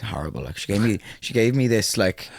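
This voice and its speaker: A man's voice: lowish voice, animated, a little fast, vocal fry, dry recording. A young Irish man in his twenties, co-hosting a podcast, telling a story animatedly with frequent laughter and swearing. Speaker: podcast co-host. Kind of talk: casual chat.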